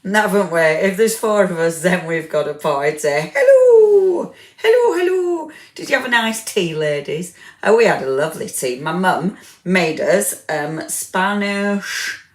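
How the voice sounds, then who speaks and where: A woman's voice: on the low side, a little slow. A woman hosting a craft live stream, chatting casually and greeting viewers by name, tired after a big dinner. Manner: chatty, warm greetings, many fillers, self-deprecating. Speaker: livestream craft host. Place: home craft room. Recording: echoey room.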